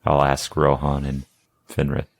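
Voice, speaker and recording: A man's voice: a bass voice, completely flat delivery, a little slow, gravelly. A man playing in a tabletop game, speaking in short, matter-of-fact remarks. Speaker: player. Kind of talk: casual game chat.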